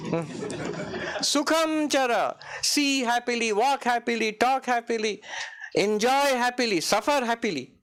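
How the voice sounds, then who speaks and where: A man, a monk giving a spiritual retreat talk in a meditation hall, animated, swinging his pitch high and low, chuckling and chanting Sanskrit verses. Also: normal speed, slight background noise.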